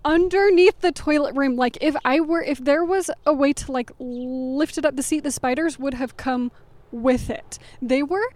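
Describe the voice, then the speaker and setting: A woman with a high voice tells a story in a casual chat. She is animated and dramatic and breaks into laughter often. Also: moderate pace, dry recording.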